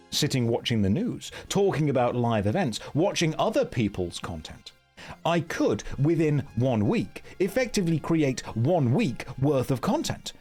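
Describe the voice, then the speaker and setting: A male streamer delivers a sarcastic, mock-bitter monologue in a very animated voice that swings up and down. He talks with a theatrical, self-mocking edge, and faint music plays behind him. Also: medium pitch.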